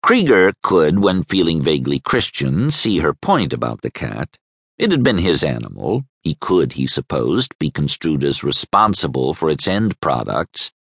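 Male audiobook narrator, wry, expressive; dry studio sound. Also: a bass voice, normal speed, husky, no room sound. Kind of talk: scripted narration.

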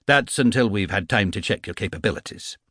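A man's voice: lowish voice, expressive, fairly quick, sharp tone, no echo, studio quality. A man doing a nervous fussy teacher. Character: fussy nervous male schoolteacher.

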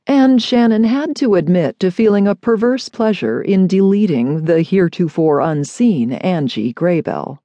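A woman reading a romance audiobook in an expressive, wry storytelling manner, close to a studio mic. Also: fairly low pitch, measured pace, hardly any pauses, dry recording. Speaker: audiobook narrator. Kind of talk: audiobook narration of a romance novel.

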